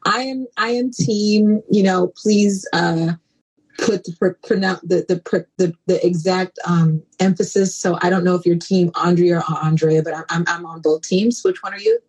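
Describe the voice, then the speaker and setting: Brief: playful woman guest in her forties, husky, low-pitched, animated. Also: normal speed, rough recording. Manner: playful, animated, jumps into high exclamations. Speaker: guest diversity consultant. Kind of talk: casual podcast chat. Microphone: call-in app.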